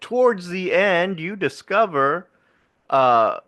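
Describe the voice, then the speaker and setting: Animated man retelling a film. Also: sits high, takes it slowly. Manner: rambling, animated retelling with laughs. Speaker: podcast co-host. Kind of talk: casual film review chat.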